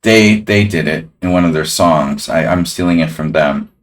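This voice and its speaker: A man's voice: low voice, moderate pace. A man casually commenting on his own chess game on a live stream, rambling and talking to his chat.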